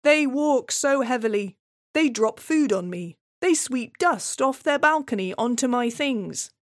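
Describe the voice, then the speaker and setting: A woman's voice: sits high, expressive, a little slow, dry recording, clean studio sound, voice pushed up. A woman voicing a petty, self-righteous male neighbour who speaks in stiff, aggrieved, slightly broken phrases.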